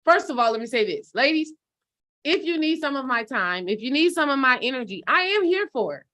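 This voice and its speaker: A woman's voice: sits high, expressive, fairly quick, pushed and bright. A woman spiritual coach giving a casual motivational talk to her followers, direct and preachy, calling them sis and baby.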